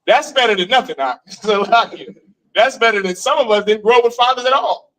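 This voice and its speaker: A man's voice: high voice, animated, brisk, sharp tone, poor audio. A man from Missouri giving a preachy street lecture, telling stories and putting questions to the room. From Missouri, USA.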